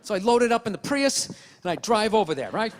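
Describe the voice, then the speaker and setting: A man's voice: high-pitched, sing-song, quick pace, in a large hall. A male stand-up comedian on stage, ranting sarcastically and swearing a lot.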